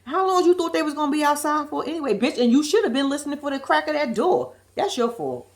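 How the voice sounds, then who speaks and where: A woman's voice: sits high, expressive, quick pace. A woman giving a casual, blunt and profane reaction commentary on a reality TV show, repeating lines for emphasis.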